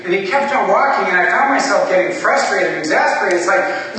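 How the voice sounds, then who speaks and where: A man preaching to a congregation, his fairly high voice carrying through a large, echoey hall from a distance. He talks casually and conversationally, then swells into impassioned pleas before dropping to hushed prayer. Faint room ambience sits underneath. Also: a little fast, few pauses, a little hiss or hum. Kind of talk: sermon.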